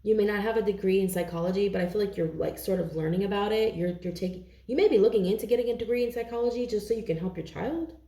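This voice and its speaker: A woman's voice: mid-range voice, fast, few pauses, warm tone, reverberant. A woman doing a casual tarot reading to camera, chatty and intuitive, often checking in with "okay?". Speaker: tarot reader.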